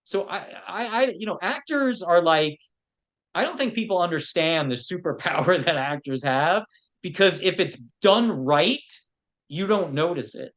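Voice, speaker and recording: A film producer guesting on a podcast spins relaxed anecdotes, sprinkling in "you know" throughout the casual interview. His high-pitched voice is animated and a bit bright, and he's in no hurry.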